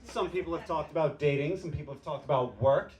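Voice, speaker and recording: A man's voice: fairly high pitch, fast talker. A man doing a loose, unscripted, self-deprecating stand-up set on a bar stage. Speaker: stand-up comedian. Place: comedy bar stage with live audience.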